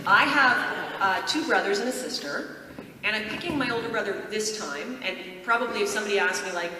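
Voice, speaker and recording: A woman's voice: medium pitch, a little fast, noisy background. A woman on a convention panel, teasing the audience with playful, auctioneer-like banter. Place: large convention hall. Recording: echoey hall from far off with crowd.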